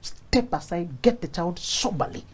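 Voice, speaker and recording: Hosting a relationship talk show, a man with a high, husky, animated voice talks a little slowly. His advice comes across as preachy and repetitive, hammering points home, and he frequently laughs while playing out small scenes.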